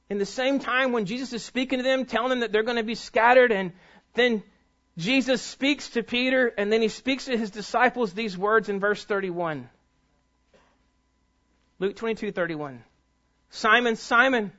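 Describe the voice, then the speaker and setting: A man with a very high voice preaches to his congregation from the pulpit. He reads scripture aloud and speaks straight to the listeners, swelling to loud peaks and sinking to near whispers. The church recording sounds dull and muffled. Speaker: pastor. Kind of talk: sermon. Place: church sanctuary before a congregation.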